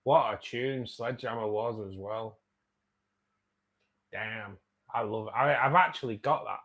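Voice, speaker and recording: A man in his forties from the outskirts of Manchester, England, hosts a casual livestream, chatting matily with viewers and reading out and answering their comments. He has a Manchester accent and a mid-range voice that's a bit bright, and he speaks a little slowly.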